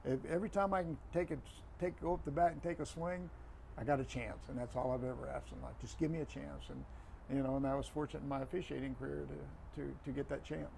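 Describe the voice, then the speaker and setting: An older man, a retired referee, telling stories as a guest in a podcast interview, animated, repeating phrases and acting out dialogue. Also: medium pitch, fast talker, gravelly, slight background noise.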